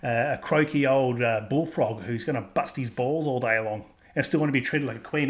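An Australian man rants over a reaction video, crude and sarcastic, swearing freely. His pitch sits in the middle of the male range. He sounds fired up and addresses his viewers directly. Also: a little fast, hardly any pauses. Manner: crude, heated and sarcastic ranting. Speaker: commentary channel host.

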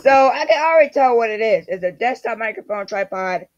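A man's voice: extremely high pitch, animated, a little fast, highs cut off. A man casually vlogging an unboxing, rambling and restarting his sentences as he talks to himself, his voice cracking now and then. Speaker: YouTuber.

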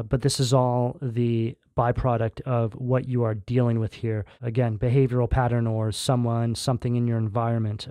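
A man's voice: medium pitch, warm tone, dry recording, studio quality. Man giving a casual tarot reading. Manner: conversational, keeps asking "right?", fillers. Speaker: tarot reader.

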